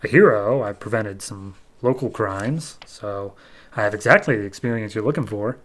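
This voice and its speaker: A man's voice: fairly low pitch, normal speed, a bit bright, lightly acted. A man voicing a washed-up amateur hero. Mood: earnest. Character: washed-up middle-aged man clinging to his amateur hero past. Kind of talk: casual retelling of comic dialogue.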